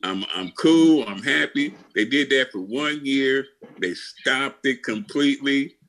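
A man's voice: medium pitch, expressive, measured pace, fairly bright tone. An older man telling his story as a podcast guest, blunt and full of swearing, often restarting his sentences. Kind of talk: casual interview storytelling.

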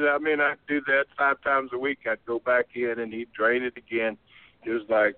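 Speaking at a moderate pace with a medium pitch, this man, once a wrestler, drawls through folksy anecdotes and chuckles as he tells them. It's relaxed storytelling over a thin, phone-like connection, recorded dry.

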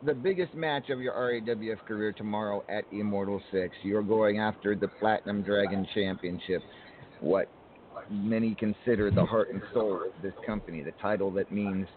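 A man's voice: lowish voice, fairly even intonation. A man hosting a wrestling talk show, asking a guest about an upcoming match and pulling the talk back on topic. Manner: steers the talk back on topic, halting restarts. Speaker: host. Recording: tinny phone-like line, faint noise.

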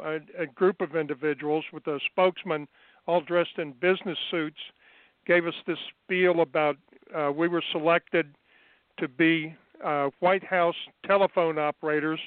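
A man as an interview guest, recounting his past in an unhurried, measured way with frequent fillers, heard over a phone line. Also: fairly high pitch, clean tone, no room sound. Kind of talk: remote interview, recounting experiences.

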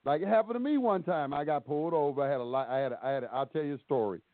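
Racing along in a slightly high voice, a caller on a call-in show tells casual stories and plays both sides of the dialogue himself. The line is tinny and dry, with no room sound.

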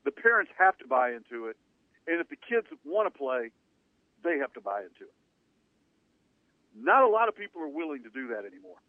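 A man's voice: fairly high pitch, big pitch swings, a little fast, pauses often, no room sound. A man hosting a sports talk radio show, talking in an emphatic, punchy, lecturing way. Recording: narrow phone-like band, dry.

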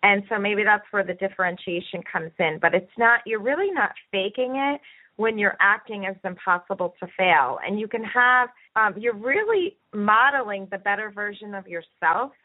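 A woman's voice: mid-range voice, animated, normal speed. A woman podcast host talking at length in an earnest, encouraging way. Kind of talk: conversational podcast discussion. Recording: tinny phone-line audio.

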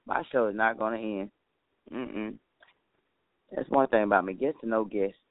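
A man hosts his own talk show with a casual, folksy monologue, chatting to listeners, calling them honey and sounding a little tired. His voice is lowish and he speaks at a normal speed. The line is tinny and phone-like, with a dry recording.

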